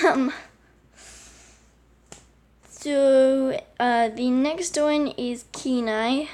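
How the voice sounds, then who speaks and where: Female host, higher register, unhurried pace, scattered casual game commentary, voice prone to squeaky cracks. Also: fairly even intonation, darkish tone. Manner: chatty, scattered, talks to her game animals and screen. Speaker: channel host showing a game collection. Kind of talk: casual screen-recording commentary.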